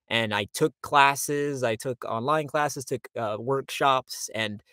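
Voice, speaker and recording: A man's voice: medium pitch, takes it slowly, hardly any pauses, pushed and bright, clear, resonant tone, no room sound. A young man from Miami chats casually as an interview guest. He talks about his voice acting work, leans on fillers like "like" and "you know", and laughs often. The sound is dry and close, with no room in it. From Miami, Florida. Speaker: voice actor guest.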